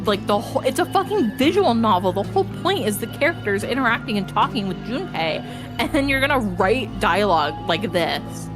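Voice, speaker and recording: A woman's voice: medium pitch, very animated, a little fast. A woman streamer ranting in exasperation about a game, swearing a lot in casual stream chat. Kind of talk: live-stream gameplay chat. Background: game music.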